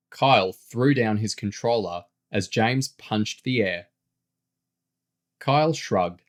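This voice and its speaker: A man reading a novel aloud as narrator, slow and expressive. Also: fairly low pitch. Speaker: story reader.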